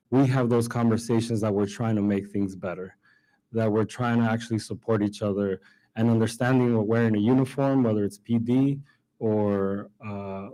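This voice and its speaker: A man's voice: medium pitch, warm tone, poor audio. A city councilman giving earnest public remarks, often repeating words as he restarts his phrases.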